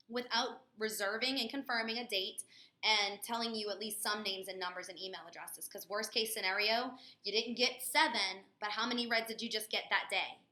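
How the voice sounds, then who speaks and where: A woman giving a chatty, energetic sales training webinar from a corporate office, with plenty of fillers. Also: medium pitch. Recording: echoey room.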